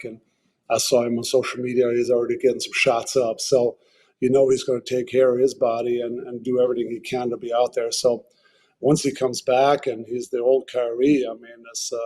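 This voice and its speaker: A man gives a halting interview answer, often repeating words. His voice is mellow and dark. He speaks with little change in pitch. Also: husky. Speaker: interviewee in a clip.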